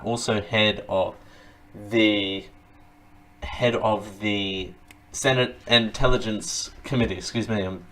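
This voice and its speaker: A man's voice: on the low side, fairly bright tone. A man hosting a live show, reading news items aloud with joking asides and frequent stumbles. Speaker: host. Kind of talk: casual news commentary read aloud.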